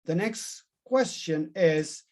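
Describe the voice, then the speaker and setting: Animated high-voiced man teaching. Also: slow pace. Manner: animated, emphatic, repeats key words in lists. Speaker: therapist teaching a class. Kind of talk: live training lesson.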